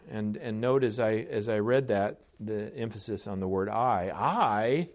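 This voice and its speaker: A man preaching a sermon in an earnest, deliberate way, often restarting his phrases. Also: medium pitch.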